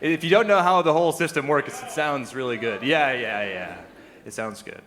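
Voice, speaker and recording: A man's voice: medium pitch, normal speed, fairly bright tone. A man performing a stand-up comedy set, chatty and loose, chuckling at his own lines and putting on mock voices for the people he quotes. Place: live comedy venue with audience.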